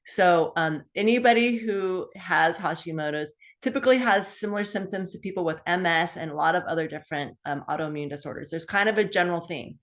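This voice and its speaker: A woman's voice: lowish voice, fairly quick, hardly any pauses. A woman in her fifties telling her own health story in a casual, chatty way, full of asides and fillers. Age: 50s. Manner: animated, acts out her own past dialogue. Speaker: guest sharing a health story.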